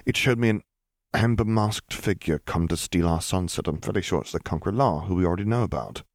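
A man's voice: deep voice, brisk, dry recording, studio quality. A man voicing a wry young wizard husband. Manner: wry, joking understatement. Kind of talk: audiobook character reading.

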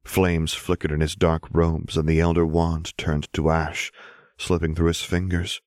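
Very deep man narrating a story. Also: little pitch movement, a little slow, darkish tone, dry recording, clean studio sound. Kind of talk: scripted narration of fan fiction.

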